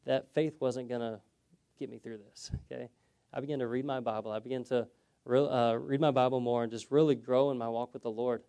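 A man's voice: medium pitch, steady tone, a little fast, creaky, mellow, smooth. A young man telling his personal story as a sermon to a congregation, conversational and often checking in with "okay?". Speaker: preacher. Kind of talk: sermon testimony.

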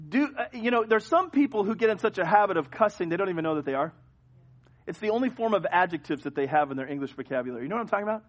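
A man preaching a sermon as pastor, telling a story with animated swings from hushed to loud. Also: high-pitched, very fast. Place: church sanctuary.

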